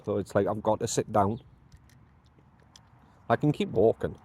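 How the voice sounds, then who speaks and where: A man's voice: on the low side, normal speed, darkish tone, husky. A man vlogging outdoors from a handheld phone, rambling, muttering to himself and poking fun at himself. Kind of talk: casual vlog talk to camera. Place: outdoors by mailboxes, walking around.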